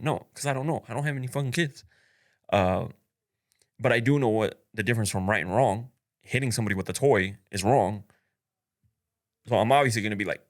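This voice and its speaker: A young man with a fairly low voice hosts his own podcast and talks straight to the listener. He is blunt and swears freely, laughs between his points, and fills his sentences with "like" and "uh". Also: moderate pace, pauses often, fairly bright tone. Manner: blunt and profane, laughs often, many fillers. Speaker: podcast host. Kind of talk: casual solo podcast monologue.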